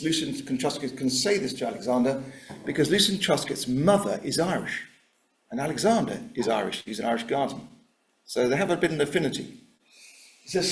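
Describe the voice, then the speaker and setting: A man giving a history lecture, acting out generals' conversations as a lively storyteller. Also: a little high. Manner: animated storyteller voicing generals in dialogue. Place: lecture room. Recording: echoey room, Zoom recording.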